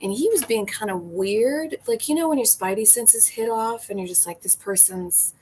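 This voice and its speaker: A woman's voice: fairly high pitch, lively intonation, normal speed, dark tone, a little hiss or hum, poor audio. A woman bartender chatting casually to viewers on a livestream, laughing often and swearing freely. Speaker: bartender and comedian hosting a livestream.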